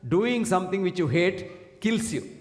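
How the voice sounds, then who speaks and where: A man's voice: high-pitched, lively intonation, a little slow. A man with an Indian English accent giving a public health lecture at a fixed microphone, emphatic and preachy, asking the audience rhetorical questions. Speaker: doctor giving a health talk. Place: lecture hall. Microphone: standing at a fixed mic. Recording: echoey hall with long reverb.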